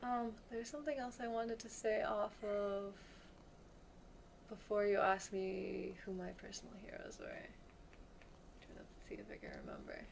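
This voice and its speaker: A woman's voice: medium pitch, steady tone, a little slow, gravelly, pauses often. A woman hosts a podcast from home, speaking in a mid-range voice. She chats enthusiastically and fills her sentences with little fillers. Faint noise sits behind her voice. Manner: chatty, filler-heavy, enthusiastic. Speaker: podcast host. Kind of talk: casual conversation.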